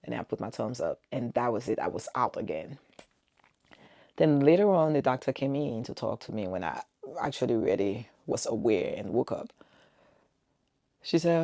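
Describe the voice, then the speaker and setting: Woman in her 40s vlogging at home, gravelly voice, earnest and emotional, dry close sound. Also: very deep voice, animated, moderate pace, long pauses, mellow, dry recording. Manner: earnest, emotional retelling with quoted dialogue. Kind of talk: personal story to camera.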